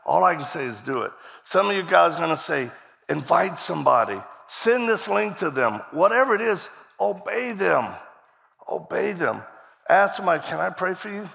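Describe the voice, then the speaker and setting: A man's voice: high voice, animated, a little fast, gravelly, sharp tone. A middle-aged man preaching a storytelling sermon, acting out dialogue and laughing often as he talks. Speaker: guest preacher. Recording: reverberant hall.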